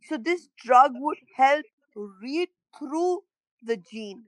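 A middle-aged woman, a parent telling her story in an interview, halting and emotional, often repeating words. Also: high voice, expressive, fairly bright tone, dry recording, poor audio. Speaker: parent of a child with a rare illness, interview guest.

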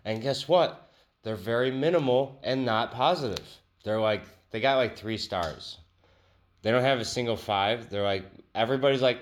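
A man's voice: mid-range voice, normal speed. A man hosting a podcast, telling a rambling, profane, joking story in a casual way. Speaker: podcast host.

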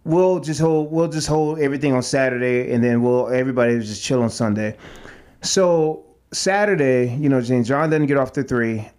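A man's voice: mid-range voice, normal speed, darkish tone, smooth. A man co-hosting a podcast who trains fighters, telling a story with lots of cursing and acted-out quotes. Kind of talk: casual storytelling chat.

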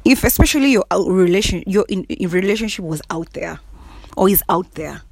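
Laughing, animated Kenyan woman vlogging. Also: medium pitch, fairly quick, gravelly, dry recording. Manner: laughs often, blunt and cussing, animated and emphatic. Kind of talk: casual monologue to camera.

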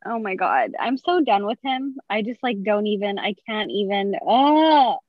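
A woman's voice: medium pitch, animated, moderate pace, no room sound. A young woman in casual chat, frank and wry, giving her friend advice. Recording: dry, slightly dull sound.

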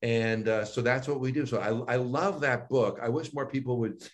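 A man, a voice and speech coach, chatting in an interview with lively, animated phrasing and frequent laughs. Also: mid-range voice, normal speed. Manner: animated, demonstrates intonation with exaggerated phrasing; laughs often, restarts sentences. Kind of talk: casual interview talk.

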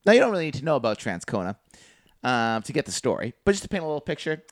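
A man's voice: mid-range voice, very animated, racing, no echo, studio quality. A young adult man, co-hosting a podcast, telling rambling profane stories and laughing at his own jokes. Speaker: podcast co-host. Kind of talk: casual chat, storytelling.

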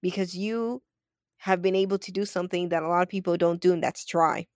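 A woman's voice: on the low side, steady tone, brisk, darkish tone, no echo, studio quality. A woman podcast guest chatting casually, emphatic and encouraging, swearing freely. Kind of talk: casual chat.

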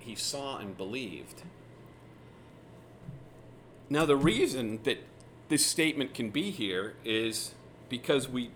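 A man teaching through a Bible passage in a relaxed, conversational way, retelling the scenes with lively asides. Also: medium pitch, a little hiss or hum. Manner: casual, animated retelling of scripture scenes.

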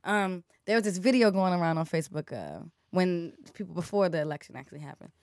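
A woman in casual conversation, expressive and slangy, swinging between loud bursts and soft asides. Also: lowish voice, fast, dry recording, clean studio sound.

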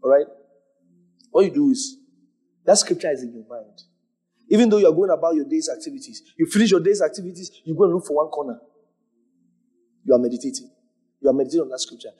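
A man pastor teaching a congregation, animated, repeating phrases and acting out moments as he preaches. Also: a little high, fast, pauses often, slightly rough, faint music behind. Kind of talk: church teaching with questions.

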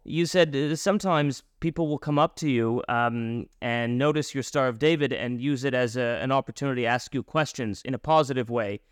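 A man's voice: medium pitch, brisk, hardly any pauses, clean tone, no room sound, clean studio sound. A male interview host from North America asking a guest long questions with frequent restarts.

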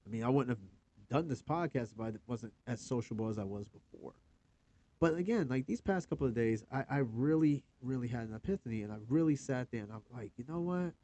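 A man's voice: mid-range voice, a little mellow. A man around forty hosting his own podcast, talking alone in a rambling, candid way with lots of fillers and some swearing. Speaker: podcast host. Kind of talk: casual solo podcast monologue.

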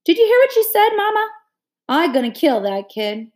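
A woman reading aloud, voicing a quarrelsome teenage girl in a shrill, indignant manner. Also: normal speed, natural voice. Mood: whiny.

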